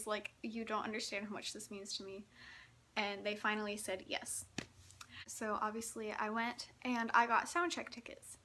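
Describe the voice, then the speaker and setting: A woman's voice: mid-range voice, little pitch movement, normal speed, pushed and bright, slight background noise. A young woman from Texas telling a story in a chatty vlog, giggling often and saying "like" a lot. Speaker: vlogger.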